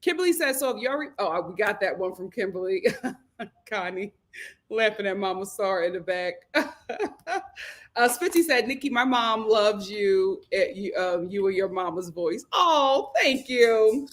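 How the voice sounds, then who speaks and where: A woman hosting a casual livestream from home on a computer mic, chatty and animated, laughing often as she reads viewer comments aloud. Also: mid-range voice, a little slow. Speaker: livestream host.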